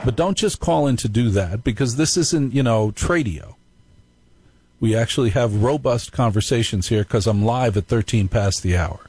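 A man's voice: medium pitch, moderate pace, a little mellow, a little hiss or hum, poor audio. A man hosting a live call-in radio show, telling stories in a playful, joking way. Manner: playful, jokey storytelling. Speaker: radio talk show host.

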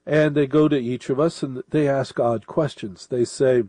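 Middle-aged male radio host, sniffling from a cold, husky and mellow, chatty rambling delivery. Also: mid-range voice, fairly even intonation, moderate pace, no room sound. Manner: rambling, conversational, with restarts and asides. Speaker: late-night radio host. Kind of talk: casual monologue to listeners.

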